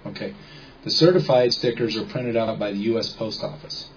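A man's voice: fairly low pitch, normal speed, highs cut off, slight background noise. A man giving an informal talk to a small audience, often checking in with listeners as he explains. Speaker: seminar speaker.

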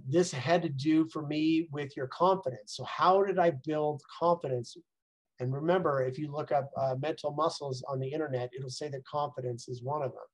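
A middle-aged mindset coach gives a casual, rambling talk from home, constantly saying "like" and "right?" in a conversational way. His voice is on the high side, and the recording is rough.

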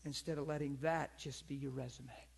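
A man's voice: mid-range voice, fairly even intonation, normal speed, creaky, slightly rough. A middle-aged man preaching a sermon in a conversational, storytelling way, calling out to his congregation.

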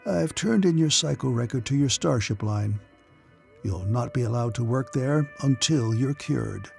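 A man's voice: medium pitch, animated, a little slow, gravelly, darkish tone, faint music behind. A man voicing a sober, thoughtful male psychotherapist from another star. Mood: calm.

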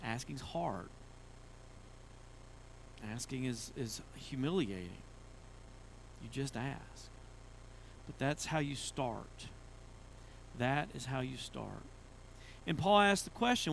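A man's voice: medium pitch, animated, slow, gravelly, pauses often, fairly bright tone, slight background noise. A man preaching a sermon as pastor, conversational, with restarts and emphatic rising runs. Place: church sanctuary.

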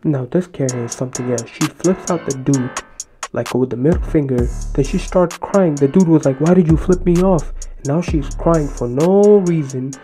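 A man's voice: medium pitch, moderate pace, mellow, faint music behind. A man giving casual, amused voice-over commentary on viral clips. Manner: amused, slangy remarks. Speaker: compilation commentator.

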